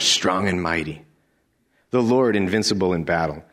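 A man's voice: low-pitched, a little fast, fairly bright tone. A male pastor giving a sermon, emphatic and rhetorical, with lots of repetition.

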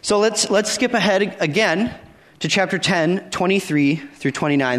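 A man teaching a Bible passage to his congregation in an informal, conversational way. His voice sits a little high. He reads the verses aloud and then retells them in everyday speech, often repeating his phrases. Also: normal speed, a bit bright. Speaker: preacher.

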